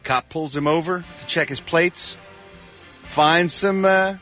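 A man's voice: a little high, takes it slowly, sharp tone, soft background music. A man reporting entertainment gossip on a radio show, with sarcastic and playful banter into a studio microphone.

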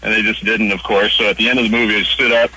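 A man's voice: lowish voice, flat delivery, racing, sharp tone, slightly rough, dry recording, rough recording. A man calling into a radio show, telling a story in a blunt, laid-back way. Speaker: caller. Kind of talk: phone-in story.

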